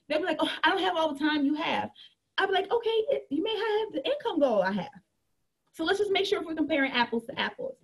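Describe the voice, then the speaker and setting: A woman coaching an online group about her business in a candid, animated way. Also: sits high. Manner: animated and candid, acts out chats in a bright girly voice. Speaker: network marketing coach.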